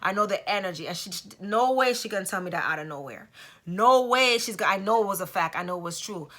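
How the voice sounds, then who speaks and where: A woman telling a personal story in a casual, emphatic way, often pausing for rhetorical asides. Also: mid-range voice, expressive, a bit bright. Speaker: vlogger.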